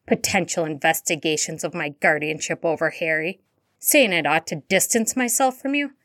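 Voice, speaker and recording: A woman reading a story aloud and voicing a hot-tempered grown man who shouts in outrage to protect his godson. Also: deep voice, moderate pace, no room sound, studio quality. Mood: outraged. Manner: shouting in outrage, loud and heated.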